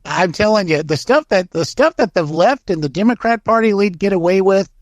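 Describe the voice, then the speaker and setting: A man hosting a casual political talk show, agreeable and quick to chime in with assent. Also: sits high, animated, no room sound, clean studio sound. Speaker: show host.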